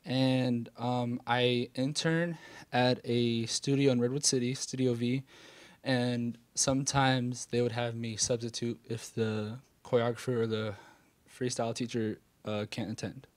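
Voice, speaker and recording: A man's voice: mid-range voice, flat delivery, measured pace, no echo. Thoughtful young man, dry close sound. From California, USA. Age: late teens. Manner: thoughtful, hesitant with many fillers. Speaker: interviewee, dancer. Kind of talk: casual interview.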